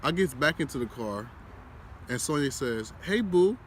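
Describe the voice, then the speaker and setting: A young man in a moving car tells a camping mishap in an easygoing, slangy voice at a middle pitch. Faint road noise hums behind him. His retelling is loose and animated, with quick asides. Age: young adult. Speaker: vlogger, husband. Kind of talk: casual storytelling chat.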